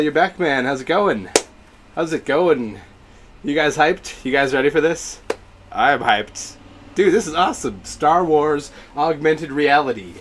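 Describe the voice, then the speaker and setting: Excitable male streamer, lively pitch. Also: measured pace, a little hiss or hum. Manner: excitable, gushing exclamations, greets chat viewers. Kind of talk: live-stream reaction commentary.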